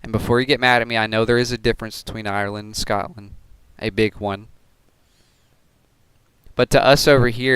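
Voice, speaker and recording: A man's voice: medium pitch, steady tone, moderate pace, fairly bright tone, clean tone, no echo. Chatty man streaming a game. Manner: chatty, self-deprecating, laughs often. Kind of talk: casual gameplay commentary.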